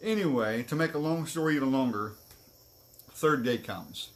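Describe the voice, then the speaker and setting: A man's voice: mid-range voice, normal speed. Earnest man telling a story. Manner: candid, earnest, self-deprecating. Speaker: co-host. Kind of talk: casual storytelling on a live stream.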